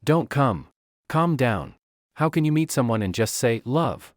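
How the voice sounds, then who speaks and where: A man's voice: medium pitch, big pitch swings, measured pace, dry recording, clean studio sound. A panicky young guy, a man doing it. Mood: panicked. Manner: panicky, pleading.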